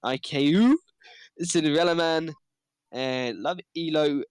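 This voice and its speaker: A man with a fairly high voice, casting a livestreamed esports match in a chatty, easygoing way. He reads out announcements and player lineups, and the recording sounds dry and close. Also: slow pace, smooth, no echo. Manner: chatty, announces giveaways, laughs easily. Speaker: esports caster.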